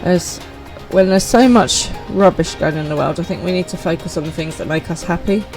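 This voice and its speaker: A woman's voice: fairly low pitch, brisk, a little mellow, soft background music. A woman, chatting upbeat with viewers while streaming a game live.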